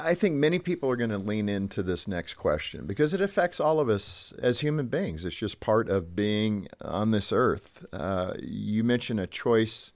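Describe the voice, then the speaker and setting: A man's voice: low-pitched, no room sound. A man hosting a radio interview, asking a couple probing questions and chiming in often. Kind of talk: studio interview.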